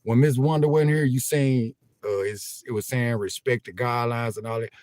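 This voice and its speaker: An older man talks to his followers from a phone inside a van, animated and loose, laughing often and repeating himself as he goes. His voice sits at an ordinary middle pitch, and the recording is dry and close, with no room sound. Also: moderate pace, dry recording. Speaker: vlogger livestreaming. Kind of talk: casual chat to viewers.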